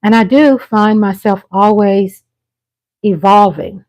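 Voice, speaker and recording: Slow, rambling woman chatting on a live stream. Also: medium pitch, a little mellow, low-quality recording. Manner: rambling, unhurried chat with frequent pauses and restarts. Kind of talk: casual live-stream chat.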